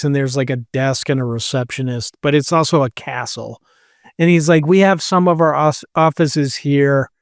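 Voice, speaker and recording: Man in his podcast chair telling a rambling story, voice a bit high, dry booth sound. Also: clean tone, dry recording. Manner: rambling, quotes people with "he's like". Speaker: podcast co-host. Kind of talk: casual storytelling chat.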